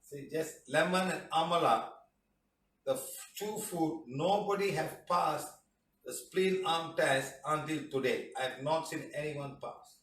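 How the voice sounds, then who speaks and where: Guy lecturing a class, punchy and loud at times, roomy far-off sound. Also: a little high, measured pace. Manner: emphatic, blunt, loud bursts. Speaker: healing teacher. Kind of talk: animated class talk. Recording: echoey hall, mic far off.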